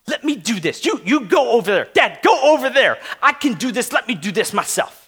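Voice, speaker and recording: A man's voice: extremely high pitch, very animated, fairly quick, fairly bright tone, breathy edge, in a large hall, soft background music, heavily acted. A man acting out his bossy, independent four-year-old daughter who insists on doing things herself. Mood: insistent. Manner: insistent, shooing dad away.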